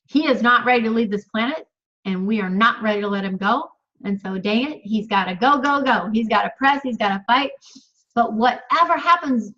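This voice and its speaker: A woman's voice: on the high side, moderate pace, a bit bright, dull audio. A woman in her fifties giving an emphatic motivational coaching talk on a video call, repeating phrases and laughing often. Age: 50s.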